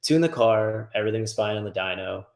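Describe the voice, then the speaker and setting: A man who tunes cars, a guest on the show, telling a wild shop story in a casual, profane, animated way. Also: on the low side, fast talker, vocal fry, reverberant. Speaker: guest, car tuner.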